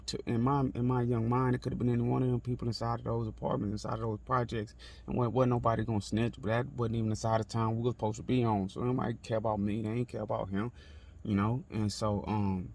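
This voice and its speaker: A man's voice: fairly low pitch, creaky, darkish tone. A man, telling a personal story in casual street talk, repeating himself with many fillers and restarts. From Texas. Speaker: author telling his life story.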